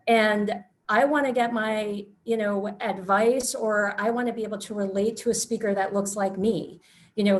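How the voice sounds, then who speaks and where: A woman's voice: mid-range voice, rough recording. Conversational woman thinking aloud. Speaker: meeting participant in financial services. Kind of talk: casual video-call discussion.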